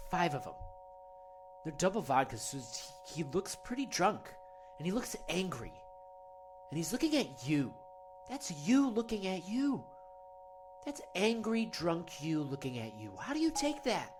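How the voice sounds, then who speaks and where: A man's voice: fairly high pitch, sing-song, unhurried, over music. Man rambling through a parody meditation. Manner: rambling, earnest, soft-spoken. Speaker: host.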